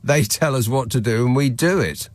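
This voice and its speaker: A man's voice: medium pitch, normal speed, dry recording. A man hosting a radio phone-in who reads out the lines and the number and makes dry, wry remarks to his callers. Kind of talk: talk radio. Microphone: studio mic.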